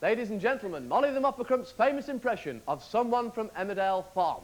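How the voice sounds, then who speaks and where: A man's voice: high voice, big pitch swings, fast talker, few pauses. A young man, doing live comedy patter on stage while scolding and coaxing a puppet partner. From West Midlands, England. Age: 20s. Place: TV studio stage before an audience. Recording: loud noisy broadcast with clicks.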